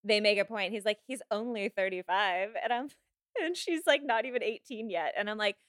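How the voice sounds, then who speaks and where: A woman co-hosting a podcast in casual chat, rambling and animated, laughing often. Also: on the high side, brisk, no echo, studio quality. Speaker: podcast co-host.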